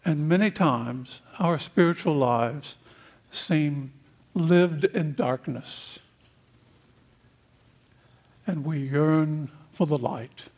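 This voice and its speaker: A man from the United States preaching a sermon, speaking in slow, deliberate phrases with long pauses. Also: on the high side, darkish tone.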